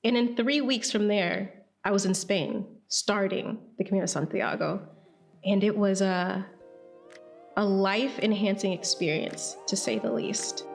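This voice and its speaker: A woman from Atlanta, a guest on a podcast interview, telling her story in a lively way and acting out the voices of people she quotes. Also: medium pitch, unhurried, gravelly, soft background music. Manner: animated, acts out quoted voices.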